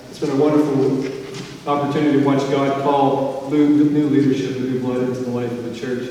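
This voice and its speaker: A man's voice: mid-range voice, dark tone, slight background noise. A male pastor giving a sermon in a church, greeting the congregation with light joking asides before reading scripture and praying. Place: church sanctuary. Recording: echoey church from far off.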